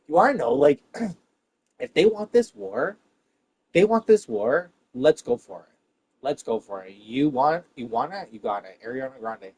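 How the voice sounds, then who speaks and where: A man ranting to his viewers in a rambling, profane monologue, swinging between loud bursts and hushed asides. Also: mid-range voice, lively intonation, moderate pace.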